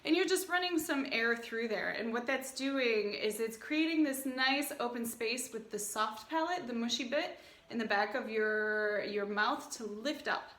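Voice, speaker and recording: A woman choir director leading a playful vocal warm-up at home, encouraging the singers. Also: on the high side, measured pace, echoey room. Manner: encouraging, playful, sings example phrases. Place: home room, rain outside.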